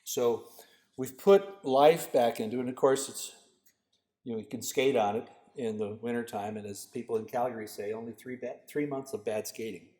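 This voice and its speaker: A man giving a guest lecture, telling lively anecdotes about a park design project. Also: medium pitch, normal speed. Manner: storytelling, animated quoted voices. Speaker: guest lecturer, landscape architect. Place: lecture hall. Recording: echoey lecture hall.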